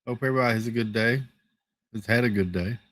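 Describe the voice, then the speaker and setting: Male stream host, mid-pitched, dry close sound, playful rambling greetings, slight headache weariness. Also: fast, a bit bright, no echo. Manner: greets chat viewers one by one, rambling and playful. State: has a headache. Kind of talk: casual live-stream chat.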